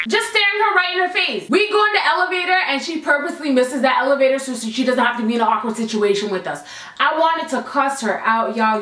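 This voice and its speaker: A woman's voice: on the high side, sharp tone. A young woman telling a storytime vlog to the camera, exasperated and emphatic, with plenty of swearing. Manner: exasperated, profane and emphatic, talking straight to viewers. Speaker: vlogger. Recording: echoey room.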